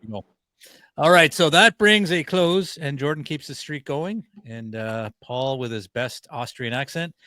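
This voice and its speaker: A man's voice: a little high, measured pace, pushed and bright, no room sound. A man hosting a comedy podcast in casual chat, laughing often and wrapping up segments. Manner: laughs often, upbeat segment wrap-ups. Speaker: podcast host.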